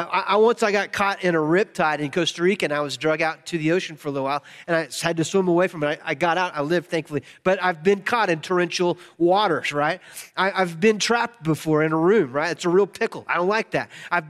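A man's voice: high voice, fairly quick, a bit bright. A man giving a casual, conversational sermon, often restarting his sentences. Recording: reverberant hall.

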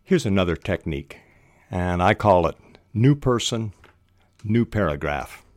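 An older man talks through writing techniques in a deep, low voice. He is unhurried and restarts his sentences now and then, with an occasional filler. The sound is close and dry, with no room around it. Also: lively intonation, no echo. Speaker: podcast host teaching fiction writing. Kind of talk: instructional talk on writing.

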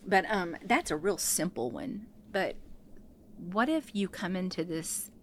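A woman, a pastor and therapist, speaking as a podcast guest, animated and acting out what people say. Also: lowish voice, unhurried, slight background noise. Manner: animated storyteller, acts out quotes. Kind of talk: casual podcast interview.

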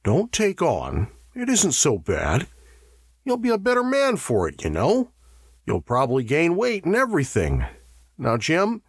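A man's voice: a little high, wildly swooping pitch, unhurried, husky, no echo, studio quality, voice pushed up, heavily acted. A man doing a nervous, coaxing crewman. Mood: fretful. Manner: hesitant, coaxing. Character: nervous, kindly male crewman, fretful.

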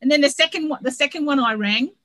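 A middle-aged author speaks over a video call in a fairly high voice. She tells her story in a rambling, chatty way, restarting her sentences often. The sound is dry and close, with no room around it. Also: quick pace, fairly bright tone, no room sound. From Australia. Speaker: author, interview guest. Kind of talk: casual storytelling interview.

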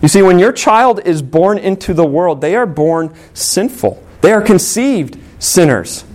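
A man preaching a sermon to parents in an earnest, conversational way, telling a story with frequent "uh" fillers. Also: high-pitched. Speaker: pastor.

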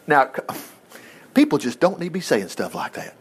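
A middle-aged man preaching a sermon as pastor, telling stories in a folksy, animated way with chuckled asides. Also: fairly high pitch, moderate pace, husky.

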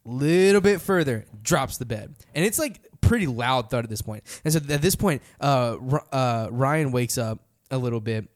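A man's voice: medium pitch, moderate pace, few pauses, dry recording, studio quality. A man telling a story in casual conversation, laughing often and acting out the voices of the people in it. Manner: animated, laughs often, acts out voices in his stories.

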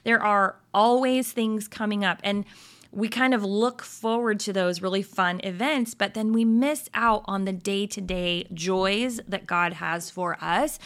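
A woman's voice: medium pitch, a bit bright. Upbeat chatty woman giving encouragement. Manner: upbeat and chatty, often checks in with "right?"; laughs easily, trails into asides. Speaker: Christian women's encouragement host. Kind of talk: casual devotional talk.

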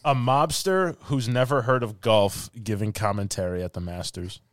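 A man's voice: on the low side, moderate pace, no echo. A man hosting a casual improv game, laughing often as he hands out prompts. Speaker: host.

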